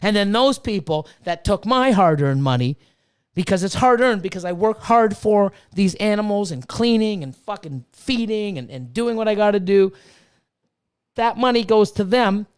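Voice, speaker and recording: A fifty-something man with a high-pitched, smooth voice rants profanely and casually. He swears freely and breaks off to read viewers' chat aloud. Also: lively intonation, normal speed. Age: 50s. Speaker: livestream host and snake breeder.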